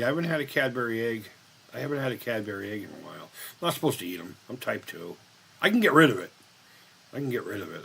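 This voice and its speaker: A man's voice: mid-range voice, creaky, pushed and bright, a little hiss or hum. A man in his fifties hosting a casual live-stream chat, rambling, blunt and profane as he reads the chat. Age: 50s.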